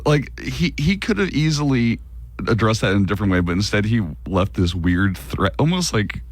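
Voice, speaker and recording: A man's voice: fairly low pitch, big pitch swings, moderate pace, dry recording. A man co-hosting a radio show, asking questions with playful banter. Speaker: radio co-host. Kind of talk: morning radio chat.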